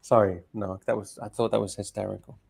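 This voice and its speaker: A man's voice: lowish voice, flat delivery, a little fast, creaky, a little mellow, slightly rough. A man co-hosting a livestream who swears often and stumbles over his words, sounding emotional. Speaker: livestream co-host. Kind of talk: livestream chat.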